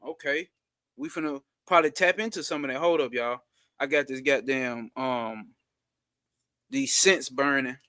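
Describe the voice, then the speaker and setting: A man hosting a casual livestream from home into a close mic, using loose, slangy street talk and a lot of swearing. He greets viewers by name and gets excited fast. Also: no room sound. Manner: swearing, excitable, jumps up in pitch when hyped. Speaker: livestream host.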